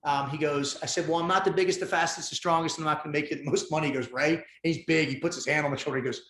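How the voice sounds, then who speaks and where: A man guest on a podcast, telling his story in casual conversation, intense and animated, swearing freely. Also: on the high side, very fast, a little hiss or hum. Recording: roomy echo.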